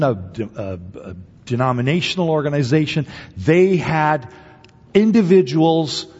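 Slow, husky-voiced pastor in a reverberant hall. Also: male voice, medium pitch, a little mellow. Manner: emphatic, conversational preaching with repeated rhetorical questions. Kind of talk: sermon. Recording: dull audio with long hall reverb.

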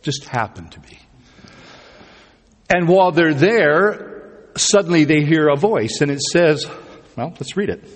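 Male pastor, slightly high voice, chatty questioning sermon delivery, recorded in a reverberant hall. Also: animated, a little slow, pauses often. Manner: conversational, asks the congregation questions, repeats words for emphasis.

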